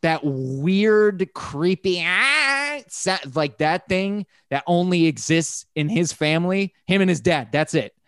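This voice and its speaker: A man rambles through casual talk about a favorite band, swearing freely and speeding up when he gets worked up. His voice is smooth and resonant. It sits close and dry, with no room sound. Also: on the high side, moderate pace, hardly any pauses, dry recording. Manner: rambling, profane, animated when excited. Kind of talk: casual music chat.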